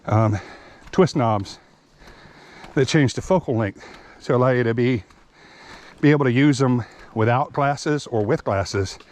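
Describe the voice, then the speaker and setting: A man's voice: mid-range voice, darkish tone. Chatty out-of-breath man hiking outdoors. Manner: chatty, explains gear plainly. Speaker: hiking vlogger. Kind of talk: casual vlog narration while hiking. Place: outdoors on a wooded park trail.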